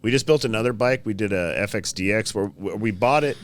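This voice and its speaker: A man who builds custom motorcycles, telling shop stories in casual podcast talk, profane and animated, acting out his customers. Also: lowish voice, brisk.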